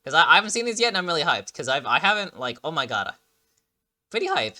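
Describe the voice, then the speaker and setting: A man casually chatting through a game trailer reaction, excitable and rambling with lots of fillers and restarts, sounding like he just woke up. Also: a little high, rapid-fire.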